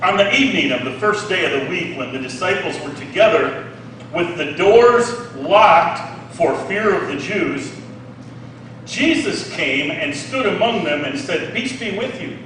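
A man preaching a sermon, reading scripture and explaining it with animated asides, often asking "Okay?". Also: high-pitched, unhurried, very echoey, far from the mic, a little hiss or hum, low-quality recording.

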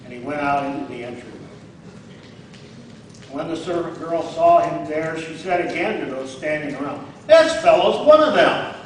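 A man's voice: on the high side, steady tone, moderate pace. Man preaching in an echoey hall. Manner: conversational, checks in with "all right?"; acts out quoted lines with rising emphasis. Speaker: guest preacher. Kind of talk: sermon. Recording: very echoey, distant mic, faint noise.

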